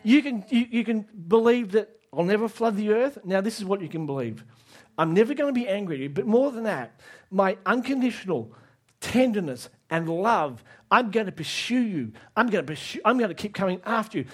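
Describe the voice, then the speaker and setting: A man preaching a sermon, emphatic, asking the audience direct questions and rising to near shouts on key lines. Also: high-pitched, animated, fairly quick.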